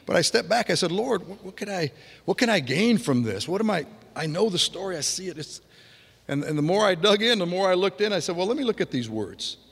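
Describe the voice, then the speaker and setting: A man's voice: fairly high pitch, a bit bright. Preacher man in a reverberant hall. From grew up on a farm. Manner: conversational, with restarts and vivid sound imitations. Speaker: pastor. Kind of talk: sermon.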